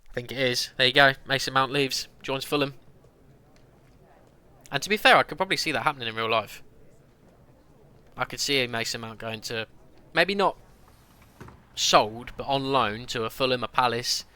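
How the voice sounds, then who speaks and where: Young guy streaming a footy manager game, bright sharp voice, chatty, rants at the game n talks to chat. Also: mid-range voice, moderate pace, pauses often, clean tone. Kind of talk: casual gameplay commentary.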